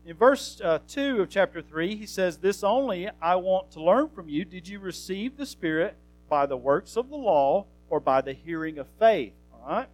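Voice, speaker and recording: With faint guitar music playing softly behind him, a man with a notably high voice preaches a sermon. He's earnest and conversational, expressive in delivery, pausing on fillers before rising into emphatic questions. The recording is rough.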